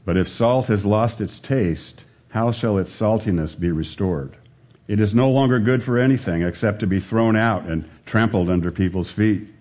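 A man preaching a sermon as pastor to a live church congregation, questioning the listeners and climbing to emphatic high peaks. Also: normal speed, a little mellow.

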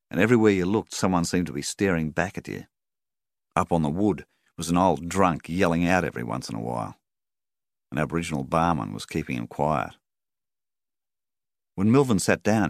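A man reading an audiobook aloud in an expressive storytelling style. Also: sits low, creaky, no echo, studio quality. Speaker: audiobook narrator. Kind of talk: scripted narration.

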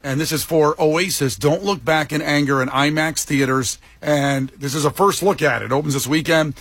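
Male radio host, upbeat promo reads, husky tone, slightly high pitch. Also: steady tone, a bit bright, dry recording. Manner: upbeat, quick, reads phone numbers and traffic. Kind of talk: morning radio banter and announcements.

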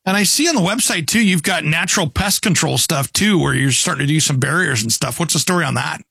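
A man's voice: fairly high pitch, animated, fast talker, vocal fry, bright, forceful tone, husky, no echo. A male host from the asks his guest questions and jokes sarcastically in casual chat. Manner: joking, sarcastic. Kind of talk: casual talk show chat.

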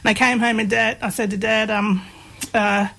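A woman's voice: medium pitch, steady tone, normal speed, creaky, a bit bright, rough recording. A woman, a guest in an interview, telling stories in a chatty way and laughing as she talks. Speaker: interview guest, comedy researcher. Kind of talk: casual conversational storytelling.

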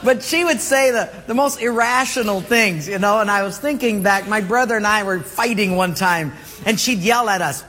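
A man's voice: sits high, normal speed, bright, forceful tone. A man preaching a sermon as a pastor, telling jokey stories and laughing along with them. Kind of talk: humorous sermon storytelling. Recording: long hall reverb, faint background noise.

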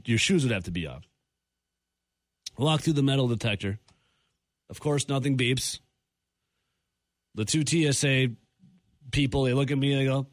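A man hosting a morning radio show, telling an airport story with animated, incredulous asides. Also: mid-range voice, dry recording, clean studio sound. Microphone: studio microphone.

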